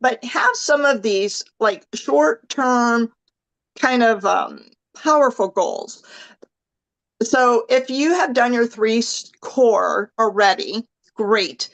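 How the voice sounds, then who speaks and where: A woman leading a motivational team call over video, chatty and gushing, her voice a little hoarse. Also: fairly high pitch, slow, a bit bright, low-quality recording. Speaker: team leader.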